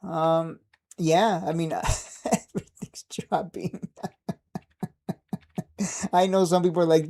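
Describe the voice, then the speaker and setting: Chuckling man with a mellow voice. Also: fairly high pitch, steady tone, slow, vocal fry, pauses often. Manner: laughs often, chuckling and upbeat. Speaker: stock trading streamer. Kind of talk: casual livestream chat.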